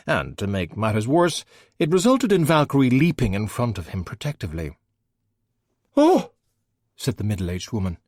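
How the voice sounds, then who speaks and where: A man narrating a fantasy audiobook in an expressive storytelling manner. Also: medium pitch, no room sound, clean studio sound. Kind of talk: scripted narration.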